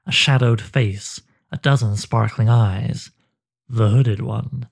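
A man narrating a dark fantasy story with a measured, dramatic delivery. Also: mid-range voice, fairly even intonation, gravelly, breathy edge.

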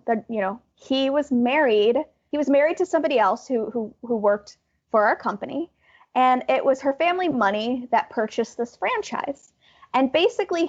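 High-voiced woman telling a story. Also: dull audio. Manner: animated, laughing as she tells a story. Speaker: podcast co-host. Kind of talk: casual storytelling chat.

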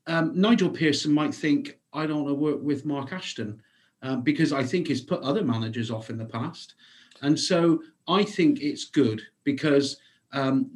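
A man's voice: mid-range voice, breathy edge. A man giving thoughtful opinions on football in casual chat, with frequent ums. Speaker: football show pundit.

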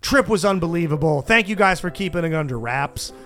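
A man hosting a podcast, telling a profane, animated story in casual chat and laughing mid-story. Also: a little high, a little fast, faint music behind. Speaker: podcast host and stand-up comedian.

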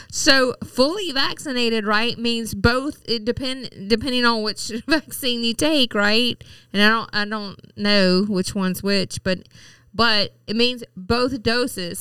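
Rambly woman podcasting, smooth voice, dry room, bit far from mic. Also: a little high, a bit bright, no room sound. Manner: chatty, rambling, laughs often. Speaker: podcast co-host. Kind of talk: casual chat.

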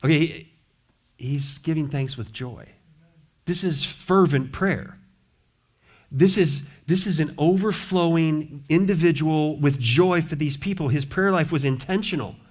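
A middle-aged male pastor delivers a sermon in a church, earnest and searching. His voice sits a bit higher than most men's, and he builds emphasis with questions that stack one on another. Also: unhurried.

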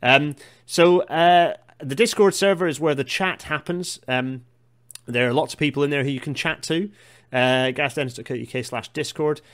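A man's voice: on the high side, normal speed, a bit bright. Rambling, digressive male podcast host. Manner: rambling, digressive and self-deprecating. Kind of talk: casual chat.

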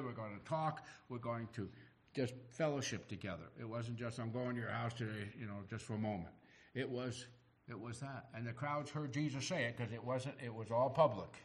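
A middle-aged man preaching a sermon, animated and acting out the voices he quotes. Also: mid-range voice. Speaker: pastor.

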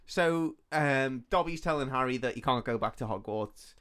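A man's voice: medium pitch, moderate pace, a bit bright, clear, resonant tone. A man co-hosting a casual comedy podcast, recapping a story in a crude, sweary way and laughing often. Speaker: podcast co-host.

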